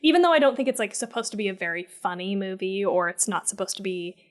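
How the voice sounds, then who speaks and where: A woman co-hosting a horror movie podcast in casual chat, animated and swearing as she acts out lines. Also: mid-range voice, fast talker. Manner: animated, swears, quotes in voices. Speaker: podcast co-host.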